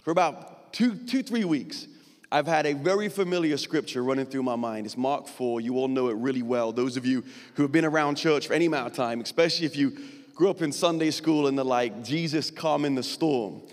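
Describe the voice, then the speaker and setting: A man's voice: medium pitch, a little fast. Earnest male pastor in a reverberant hall. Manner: earnest, conversational, emotional preaching. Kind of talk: sermon. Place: church hall.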